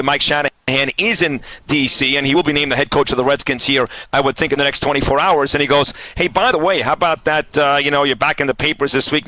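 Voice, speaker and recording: A man's voice: a little high, bright, forceful tone, poor audio. A man, in his forties, hosting casual radio talk and ranting with lots of swearing. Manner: fired-up, ranting, swears a lot. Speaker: radio host.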